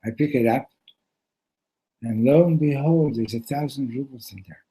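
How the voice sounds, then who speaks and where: Man, storyteller, husky, mellow, heartfelt, Hasidic tale at a yeshiva. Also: mid-range voice, normal speed, low-quality recording. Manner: heartfelt, animated storytelling with Yiddish and Hebrew words. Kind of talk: retelling a Hasidic story to a gathering. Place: yeshiva gathering.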